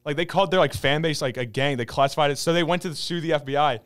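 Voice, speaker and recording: A young man co-hosting a podcast in casual, rambling chat, acting out quotes in a high voice. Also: fast talker, a bit bright, smooth. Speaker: podcast co-host.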